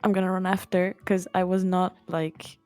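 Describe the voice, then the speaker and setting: A woman's voice: lowish voice, little pitch movement, normal speed, a little mellow, clean tone, dry recording, soft background music. A woman playing a tabletop game, chatting casually and hesitantly. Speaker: player.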